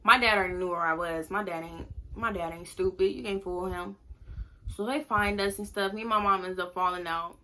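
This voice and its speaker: A woman's voice: on the low side, fairly even intonation, brisk, sharp tone. A young woman in a casual storytime vlog, talking candidly with lots of fillers. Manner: candid, conversational, many fillers. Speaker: vlogger.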